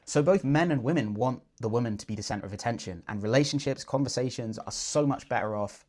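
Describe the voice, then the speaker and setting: A man's voice: medium pitch, quick pace, darkish tone. A man working as a dating coach, talking through his advice in an earnest, explanatory, conversational way. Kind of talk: coaching breakdown voice-over.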